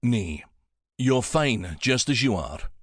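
A man's voice: mid-range voice, sing-song, slow, no room sound, clean studio sound. A man narrating an audiobook voices a jovial, teasing male dragon king with a thick Scottish accent. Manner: teasing, warm-humored.

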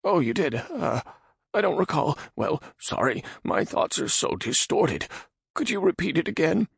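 A man voicing a fat male prisoner who is terrified of the dark, shrill and whining in a high, frightened voice. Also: sing-song, a little slow, gravelly, breathy edge, dry recording, studio quality, heavily acted. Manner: whiny and frightened.

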